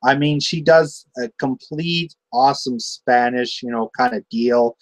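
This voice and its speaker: A young man talks through a wrestling show on his own, rambling and excitable, tripping over restarts and fillers. His voice sits at an ordinary middle pitch. The recording is dry and close. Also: a little slow, no echo, low-quality recording. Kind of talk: casual solo review.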